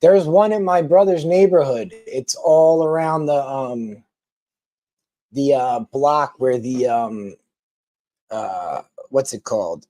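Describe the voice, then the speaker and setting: A man's voice: medium pitch, takes it slowly, dark tone, no room sound. A man chatting casually with viewers on a live stream, rambling with lots of ums and restarts.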